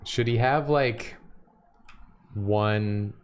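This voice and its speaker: Guy cohost tossing out ideas, jokey, lowish voice. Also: very slow, clear, resonant tone. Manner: joking, brainstorming. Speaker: co-host. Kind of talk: casual chat about drawing.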